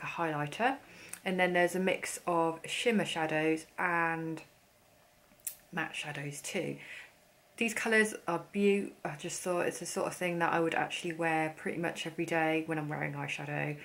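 Woman, beauty vlogger; lowish, chatty, self-mocking, casual delivery. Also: a bit bright, slight background noise. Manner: chatty, self-deprecating, playful asides. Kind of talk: casual haul chat to camera.

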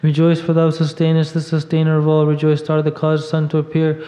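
Man reciting hymns in a monotone, echoing church. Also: on the high side, brisk. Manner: steady monotone recitation with small slips. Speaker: reader at a monastery service. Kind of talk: liturgical reading of a hymn. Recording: dull echoey church audio.

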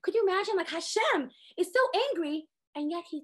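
A woman in her thirties teaching a lively Torah class, acting out quotes with sudden jumps in pitch. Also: fairly quick. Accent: sprinkles Hebrew words. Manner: animated, acts out quotes with big pitch jumps.

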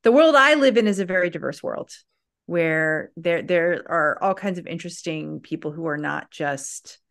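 A middle-aged woman with a fairly low voice chats casually as a guest writer. She laughs often and restarts her sentences. Her talk is loose and animated. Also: normal speed, gravelly. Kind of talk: casual interview chat.

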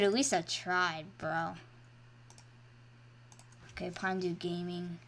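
A woman giving casual commentary over her own game as a channel host, excitable and shifting from quiet mumbling to loud, high shrieks. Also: a little slow, pauses often.

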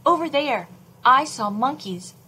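A woman's voice: high-pitched, animated, a little slow, sharp tone, slight background noise, voice pushed up, exaggerated voice. A woman voicing a jumpy, breathless young girl. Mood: urgent. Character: frightened young girl spotting escaped monkeys.

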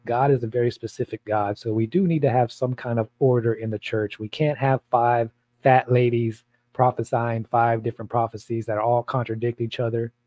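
A man's voice: mid-range voice, steady tone, normal speed, warm tone, no echo, poor audio. Blunt, rambling male pastor. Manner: blunt, provocative, rambling with repeats. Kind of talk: casual Bible study rant.

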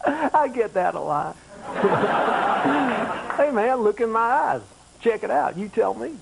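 A man's voice: high voice, lively intonation, slow, gravelly, very noisy, full character voice. A man doing a sleazy partying president. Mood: flirty. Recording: loud disco music behind.

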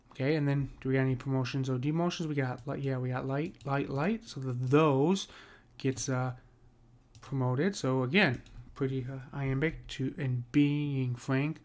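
A man's voice: medium pitch, darkish tone. Casual man teaching meter, asking "right?". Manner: conversational, checks in with "right?" often; slows down to read verse lines aloud. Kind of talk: casual screen lesson on poetic meter.

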